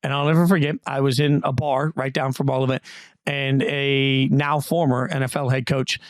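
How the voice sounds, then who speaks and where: A man's voice: mid-range voice, moderate pace, no echo. A middle-aged man hosting a sports podcast, telling stories in casual chat with playful jumps in his voice. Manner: animated storyteller, playful voice jumps. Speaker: podcast host.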